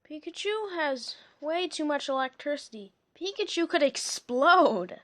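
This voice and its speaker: A kindly professor, anxious over his pet creature, comes through in a high, unhurried storybook reading, voiced plainly by a woman. He sounds earnest rather than gruff. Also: expressive, a bit bright. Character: kind worried male professor.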